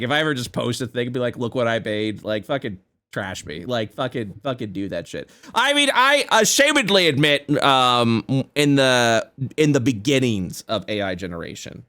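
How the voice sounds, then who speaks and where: Animated young man, casual chat. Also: medium pitch. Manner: animated, swearing, trails off and restarts. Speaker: podcast co-host and game master.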